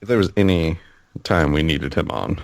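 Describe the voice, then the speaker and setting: Very deep-voiced man, dry close sound. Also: normal speed, vocal fry, dry recording. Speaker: podcast co-host. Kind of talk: casual podcast chat.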